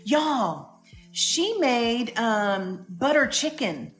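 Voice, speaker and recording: A woman's voice: fairly high pitch, sing-song, very slow, roomy sound, over music. A woman co-hosting a casual live stream from a home kitchen, chatting and reading out viewers' comments. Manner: chatty, laughing, greets viewers.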